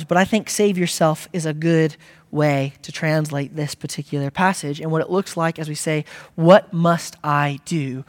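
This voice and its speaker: Man preaching, high voice, long hall reverb, quiet to loud exhortation. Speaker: pastor. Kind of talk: sermon.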